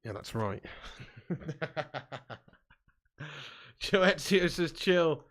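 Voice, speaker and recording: A man's voice: fairly high pitch, very animated, drawn-out words, a bit bright. A young adult man streaming a football video game, trading sweary, mock-aggressive banter with his live chat.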